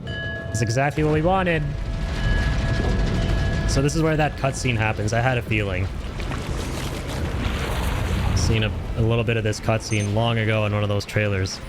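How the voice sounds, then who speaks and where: A young man casually commenting on his own gameplay as a streamer, relaxed and chatty, and laughing often. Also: lowish voice, fast, few pauses, over loud music.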